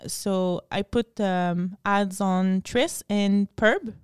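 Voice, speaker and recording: A woman from French Canada with a French Canadian accent, chatting casually and playfully on a podcast in halting English. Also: medium pitch, clean tone, no echo, studio quality. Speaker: guest. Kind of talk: casual chat.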